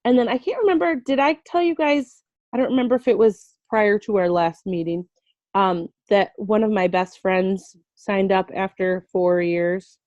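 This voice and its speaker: A woman's voice: medium pitch, moderate pace, dry recording. Chatty woman on a dull video call. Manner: chatty, animated quoting of herself and her friend. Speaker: essential oils seller. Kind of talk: casual storytelling on a video call.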